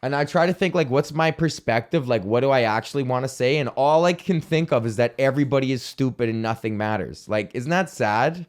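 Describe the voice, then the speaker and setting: A young man hosts his own comedy podcast alone, rambling through a profane, self-deprecating rant. His voice is smooth and clear, at an ordinary pitch for a man. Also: expressive, normal speed. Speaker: podcast host.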